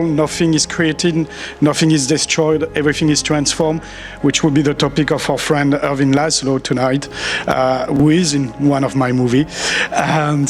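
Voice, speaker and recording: French man, slightly high voice, playful conference speaker, faint music behind. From France. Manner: chatty, playful, self-mocking. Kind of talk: conference talk. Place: large auditorium.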